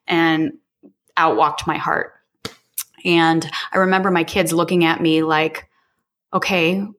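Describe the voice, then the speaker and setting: Interview guest, woman in her forties, lowish voice, candid and unpolished with the odd swear. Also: fairly bright tone. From Illinois, US. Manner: frank and casual, with mild swearing. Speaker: podcast guest. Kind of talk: candid personal storytelling.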